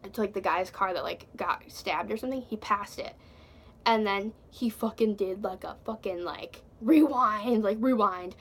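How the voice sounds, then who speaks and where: A woman's voice: medium pitch, normal speed, breathy edge. A young woman telling a storytime vlog, breathless and swearing, with "like" in nearly every line. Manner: breathless, swearing, heavy use of "like". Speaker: vlogger.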